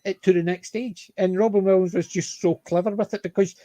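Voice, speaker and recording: A middle-aged man with a Glaswegian Scottish accent, hosting a panel and telling anecdotes in a chatty, animated way. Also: sits high, brisk, no echo. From Scotland, Glasgow area. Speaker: panel host. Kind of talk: casual chat.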